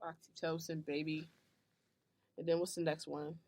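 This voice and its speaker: A woman's voice: low voice, little pitch movement, normal speed, a little mellow, no room sound. A young woman, a college student, co-hosting a casual podcast, chatty and slangy. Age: young adult. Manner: chatty, slangy, laughs easily. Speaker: podcast co-host.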